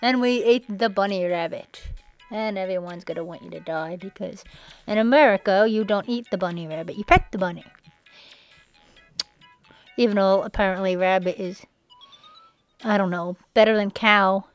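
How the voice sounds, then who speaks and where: Sarcastic lady snarking over pics, mid pitch, faint music behind. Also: moderate pace, long pauses, rough recording. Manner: mocking, sarcastic, puts on shrill quoted voices. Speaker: video narrator. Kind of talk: sarcastic commentary over images.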